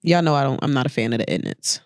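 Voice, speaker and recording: A woman co-hosting a podcast in casual chat, talking in an animated, emphatic way. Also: very deep voice, fast, no room sound, clean studio sound. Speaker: podcast co-host.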